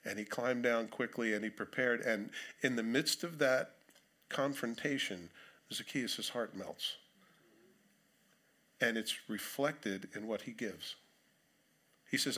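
Male pastor, medium pitch, crisp and bright, conversational church sermon with wry humor. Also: slow pace, long pauses. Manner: conversational preaching with dry humor asides. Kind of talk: sermon with scripture reading. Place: church sanctuary.

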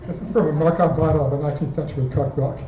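A man's voice: a little high, steady tone, rapid-fire, highs cut off, a little hiss or hum. Distant, phone-thin man in an echoey hall. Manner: explanatory, walking through a technical example step by step. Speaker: conference speaker. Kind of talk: conference talk.

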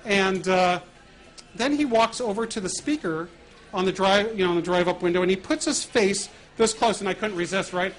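A middle-aged man telling stories to an audience in an animated way, laughing now and then as he talks while walking around with a wireless mic. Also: high voice, moderate pace. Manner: animated, laughing at his own prank stories. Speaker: author giving a talk. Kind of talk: storytelling talk to an audience.

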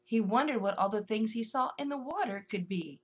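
A woman narrating a rhyming children's story in a gentle, sing-song way. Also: on the high side, expressive, fairly quick, breathy edge.

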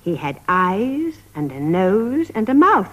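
A woman narrating a story for young children in a measured, sing-song 1950s television style. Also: medium pitch, big pitch swings, a bit bright. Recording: dull lo-fi 1950s television recording.

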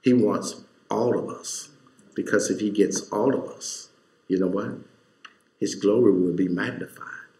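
A man's voice: fairly low pitch, measured pace, darkish tone. A male pastor preaching a sermon, telling a story in a folksy way and building to fervent emphasis. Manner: folksy, informal grammar. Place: church sanctuary. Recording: echoey church hall.

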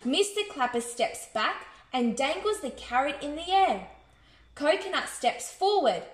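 An Australian woman reading a bedtime story to children in an expressive, sing-song way. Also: high-pitched, a little slow. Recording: echoey room.

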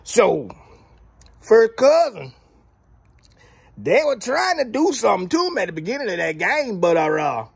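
Gravelly drawling man. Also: sits high, very animated, a little slow, pauses often, no echo. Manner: drawling, playful trash talk with whoops. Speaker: sports commentator vlogger. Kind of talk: casual football recap.

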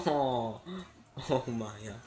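Casual gamer guy narrating his play, excitable and giggly, slow unhurried delivery. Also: mid-range voice. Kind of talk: casual gameplay commentary.

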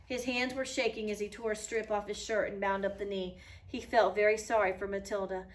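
A woman teacher reads a children's storybook aloud in a clear, patient way and pauses to explain what it means. Her voice sits in a middle register and is picked up from some distance. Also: mid-range voice, level tone. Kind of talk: reading a children's book aloud with comments. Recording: voice a little far from the mic.

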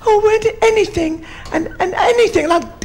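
A man voicing a distressed lady elephant in a bawdy stage joke, with a shrill, wailing voice. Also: brisk, darkish tone, slight background noise. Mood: panicked.

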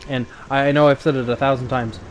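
Low-key man narrating his gameplay. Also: fairly quick, a little hiss or hum. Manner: low-key, flat delivery despite interest; thinks aloud, frequent small repeats. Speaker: gaming channel host. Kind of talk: let's play commentary.

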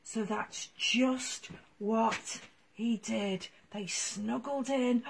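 A woman telling a story to toddlers in a playful, animated way, speaking to the children. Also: fairly high pitch, drawn-out words. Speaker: children's storyteller and song leader.

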